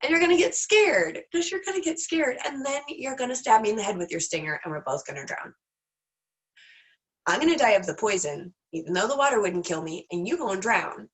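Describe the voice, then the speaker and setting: A woman's voice: fairly high pitch, lively intonation, brisk, breathy edge, low-quality recording. A woman voicing an exasperated, blunt male frog who talks like a slangy dude in a spoken fable.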